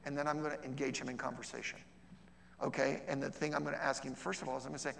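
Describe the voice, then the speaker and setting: A man's voice: mid-range voice, level tone, rapid-fire, vocal fry, a bit bright, slight background noise. A man teaching a class in a chatty, humorous way, acting out little dialogues with people. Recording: echoey hall.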